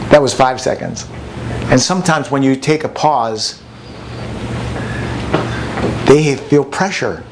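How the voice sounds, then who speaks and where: A man's voice: mid-range voice, slow pace, long pauses, noisy background. A man presenting a relationship workshop to a group in a casual, storytelling way, often repeating words as he restarts a sentence. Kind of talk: conversational teaching to a group.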